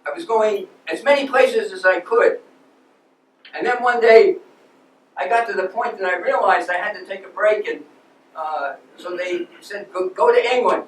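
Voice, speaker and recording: A man's voice: high voice, moderate pace, a little hiss or hum, close to an everyday voice. A man in a first-person living-history monologue, playing an aging nineteenth-century landscape architect who tells his story with earnest emotion. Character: aging 19th-century male landscape architect, passionate and restless. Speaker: historical reenactor. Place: lecture hall. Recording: echoey hall, distant mic.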